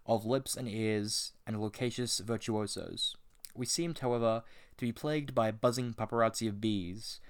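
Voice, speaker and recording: A man reading a book aloud and breaking off into casual, sarcastic commentary with some swearing. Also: fairly low pitch. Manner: casual, sarcastic asides and swearing between read passages. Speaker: reader and commentator.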